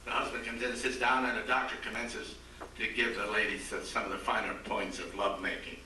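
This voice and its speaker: A man's voice: lowish voice, level tone, a little fast, sharp tone. An older man from Ohio doing stand-up jokes at a banquet, with a dry joke-telling delivery and quoted voices. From Akron, Ohio. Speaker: comedian at a roast dinner. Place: large banquet hall. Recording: echoey banquet hall from far off, noisy.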